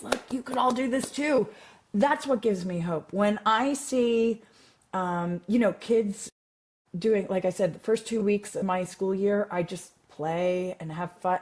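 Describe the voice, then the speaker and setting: A female math teacher appears as a guest in a relaxed interview chat. Her voice sits at a middle pitch, and she talks in an animated, chatty way, circling back with fillers and restarts.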